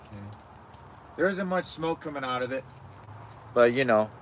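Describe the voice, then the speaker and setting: Streaming as he cooks outside at a home cookout, a man chats casually and curses from time to time. His mid-range voice is lively and a bit bright at a moderate pace, with a little hiss or hum present.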